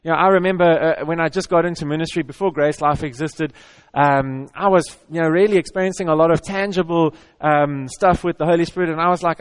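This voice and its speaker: A middle-aged male pastor preaches in an earnest, conversational manner. His voice sits a little high for a man, and he often stumbles back over his words before pushing on. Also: fairly even intonation, fast talker, smooth. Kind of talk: conversational sermon.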